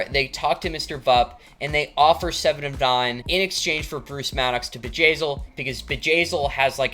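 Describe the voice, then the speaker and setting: A young man recaps a TV episode in a loose, chatty way, full of filler words and quick asides. His pitch sits in a middle range. Faint music plays behind him. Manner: animated, chatty, many "like" fillers. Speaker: TV episode reviewer. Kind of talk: casual review recap.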